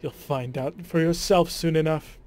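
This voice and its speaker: A scheming, gloating villainess, put on by a man with a British accent, cool and taunting from her prison cell in a video game. Her lines come slow and mocking, each word weighed. Faint music plays underneath. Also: a little high, fairly even intonation, darkish tone, close to an everyday voice. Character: scheming imprisoned noblewoman villain, gloating and cruel. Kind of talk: dramatic reading of game dialogue.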